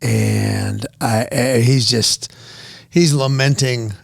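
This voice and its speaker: Gravelly middle-aged man telling a story. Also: mid-range voice, takes it slowly. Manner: animated storyteller, acts out quotes, laughs often. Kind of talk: casual storytelling chat.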